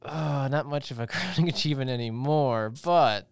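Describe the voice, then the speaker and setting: Young male co-host, smooth dry sound, rambling jokey delivery. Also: medium pitch, normal speed, no echo. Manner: rambling, joking, many restarts. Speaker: podcast co-host. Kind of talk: casual chat.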